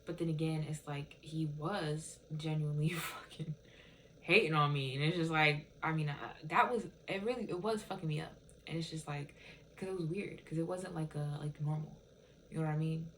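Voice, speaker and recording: Low-voiced woman ranting storytime style, cussing a lot, rambly, little bit of hiss behind. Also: fairly even intonation, moderate pace, a bit bright, low-quality recording. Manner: rambling, profane, heavy use of "it's just like". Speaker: TikTok viewer telling a story. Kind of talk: casual storytime rant.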